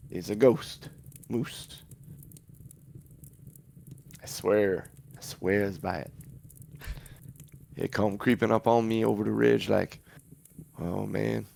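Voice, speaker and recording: A man's voice: fairly low pitch, gravelly, slight background noise. A man voicing a big, grumpy male goliath logger who talks in a rambling, rustic backwoods way. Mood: spooked.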